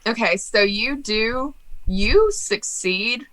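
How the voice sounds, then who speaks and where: Bright-voiced young woman running a tabletop game. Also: fairly high pitch, slow, low-quality recording. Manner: animated, laughing, mock-angry banter. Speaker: game master.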